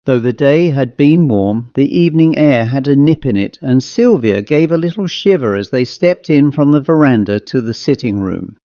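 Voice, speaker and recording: A man narrates a ghost story in a steady, measured way. His voice is mid-pitched. The recording is dry, close and somewhat dull. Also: no echo. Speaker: audiobook narrator. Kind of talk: scripted narration.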